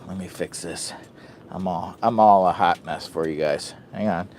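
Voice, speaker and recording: A man's voice: sits low, moderate pace, darkish tone, a little hiss or hum. A man chatting casually to the camera while camping in a hot tent, goofy and loopy, joking about himself in the third person. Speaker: camping vlogger. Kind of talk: casual vlog chat to camera.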